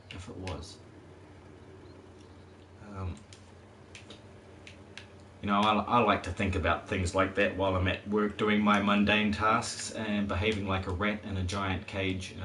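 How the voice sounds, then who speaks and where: A man's voice: on the low side, background noise. A man chatting casually on a live stream while he plays, rambling, chuckling often and swearing at the game.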